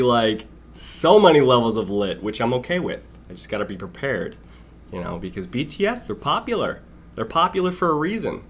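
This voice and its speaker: A man's voice: mid-range voice, big pitch swings, normal speed, husky. Chatty young man hosting a live stream. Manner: rambling, chatty, greets chat by name, laughs often. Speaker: livestream host. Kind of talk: casual live stream chat.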